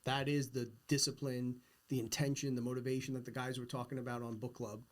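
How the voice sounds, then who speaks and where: A man's voice: mid-range voice, level tone, brisk. A middle-aged man hosting a casual podcast conversation, talking earnestly and insistently about big ideas. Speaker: podcast host.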